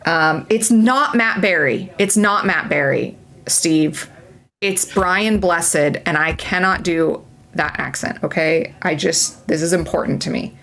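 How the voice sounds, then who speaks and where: A woman's voice: on the low side, slow, fairly bright tone. A woman narrating as game master of a tabletop game, chatty and playful, with many fillers and restarts.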